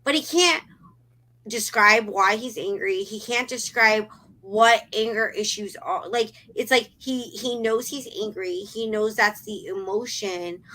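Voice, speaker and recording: Bright-voiced woman host sharing stories. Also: medium pitch, measured pace, low-quality recording. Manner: eager, relatable, shares personal stories. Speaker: podcast host and mother. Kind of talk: casual interview talk.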